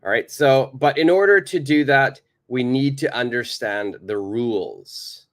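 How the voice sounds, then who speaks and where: A man's voice: medium pitch, animated, measured pace, fairly bright tone. A man teaching a live online English lesson, patiently repeating his questions to the viewers.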